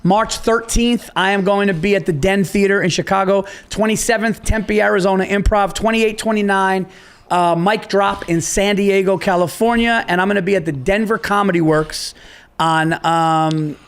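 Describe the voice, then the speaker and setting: A man appearing as a comedian guest on a podcast, chatting casually, telling a fast story and plugging his tour dates. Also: high-pitched, fairly even intonation, clean tone.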